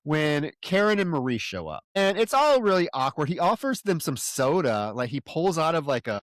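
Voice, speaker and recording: A man on a podcast walks through a film's plot in casual chat, slipping into the characters' voices as he goes. His voice sits a little high and moves animatedly. The sound is close and dry. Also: sing-song, normal speed, no echo. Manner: retells scenes with acted-out character quotes, self-deprecating. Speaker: podcast co-host. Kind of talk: casual film plot recap.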